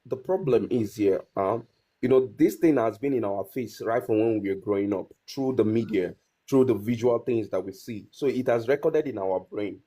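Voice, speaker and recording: A man, a guest in a casual discussion, who speaks haltingly and repeats his phrases. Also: fairly low pitch, dark tone, slightly rough.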